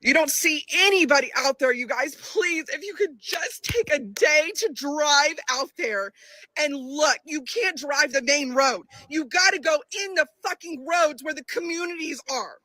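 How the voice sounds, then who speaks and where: A woman's voice: high voice, unhurried, sharp tone, no room sound, poor audio. A woman in a played clip making an exasperated, emotional plea, swearing as she pleads. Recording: clip with clear background noise.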